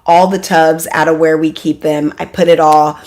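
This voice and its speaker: A woman's voice: sits low, normal speed. Chatty woman live-streaming from home. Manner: chatty and excitable, addresses viewers by name; self-deprecating, apologetic asides. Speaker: homeschool mom vlogger hosting a live stream. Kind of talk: casual live-stream chat.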